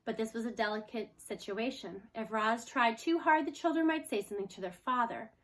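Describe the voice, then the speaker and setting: A woman reads a children's novel aloud in an expressive storytelling way. Her voice is bright and sits a little high, and she slows for chapter titles. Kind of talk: reading a children's book aloud.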